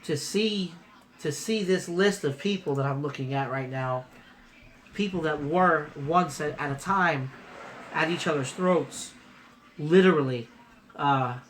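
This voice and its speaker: A man's voice: on the high side, measured pace, a bit bright. Male vlogger, 30s, rambling and heartfelt, phone mic, light background noise. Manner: rambling, emotional, repeats "you know". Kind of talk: casual vlog. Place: at a trade show. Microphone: phone camera.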